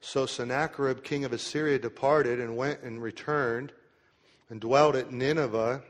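A male preacher delivers a sermon, slowing down to read scripture aloud and then explaining it in everyday speech. His voice sits at an ordinary middle pitch. A long reverb trails his words through the church. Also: fairly even intonation. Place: church sanctuary.

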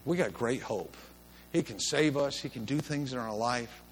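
A man's voice: mid-range voice, moderate pace, slight background noise. A middle-aged man preaching a sermon in a church service, telling stories in a folksy, chuckling way. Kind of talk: sermon with storytelling.

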